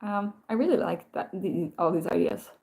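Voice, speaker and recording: A woman's voice: medium pitch, moderate pace, gravelly, mellow. Chatty woman rambling on a live stream. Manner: rambling, self-interrupting storytelling with many restarts; reads out viewer comments and answers them. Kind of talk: casual live-stream chat.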